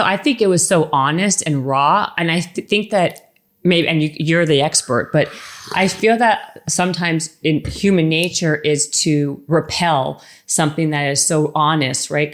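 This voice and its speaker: A woman's voice: low voice, normal speed. A woman hosting a podcast interview, talking casually with lots of fillers and checking for agreement. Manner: chatty, many "like" fillers, asks for agreement. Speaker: podcast host.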